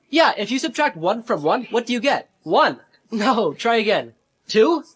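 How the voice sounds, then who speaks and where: A man from San Diego performing short comedy skits, playing every part with sarcastic deadpan comebacks. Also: high-pitched, moderate pace, breathy edge. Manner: sarcastic deadpan comebacks, switching between characters. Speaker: comedy creator.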